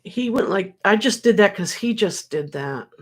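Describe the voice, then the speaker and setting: A woman's voice: mid-range voice, animated, normal speed, breathy edge. A woman psychic medium chatting casually on a livestream, rambling as she relays messages and jokes from spirits, sounding worn out. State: tired. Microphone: webcam or computer mic.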